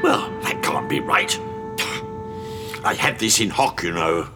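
A man's voice: fairly low pitch, lively intonation, a little slow, over loud music. A man in an audio drama playing a jovial, blustering Victorian theatre impresario with a florid, hearty manner. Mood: puzzled.

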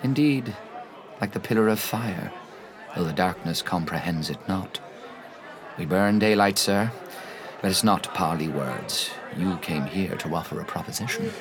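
A vain, witty Victorian playwright. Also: male voice, deep voice, animated, unhurried, a crowd in the background. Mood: theatrical. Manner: languid, grandiloquent, self-admiring. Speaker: actor. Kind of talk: audio drama acting.

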